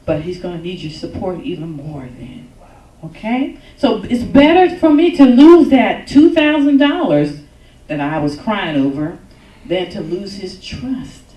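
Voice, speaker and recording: A woman giving a joking, lively talk on relationships at a church service, acting out little quotes as she goes. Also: mid-range voice, measured pace. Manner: animated, joking, acts out quotes. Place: church hall with congregation. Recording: echoey hall, mic from far off.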